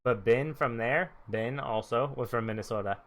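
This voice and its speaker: A man's voice: mid-range voice, normal speed. A man co-hosting a podcast, teasing his co-host and rambling through casual anecdotes. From Texas and Michigan. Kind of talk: casual chat.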